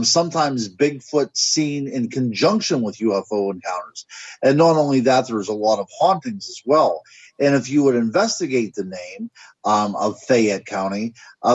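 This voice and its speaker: A man's voice: mid-range voice, slightly rough, no room sound, dull audio. A man from the United States, a guest on a radio interview, musing and speculating as he searches for words. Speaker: guest author and paranormal researcher.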